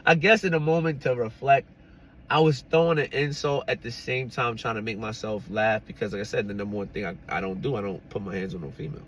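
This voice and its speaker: A man's voice: medium pitch, fast talker, slight background noise. Chatty man telling a personal story. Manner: chatty, laughing, peppered with "you know what I'm saying". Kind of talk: casual storytime.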